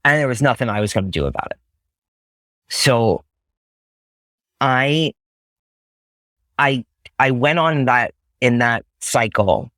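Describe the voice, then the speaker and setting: A man's voice: medium pitch, expressive, slow pace, pauses often, a bit bright, dry recording. A young man telling his recovery story to a group, swearing bluntly and acting out old conversations as he speaks. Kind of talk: candid personal testimony in a group.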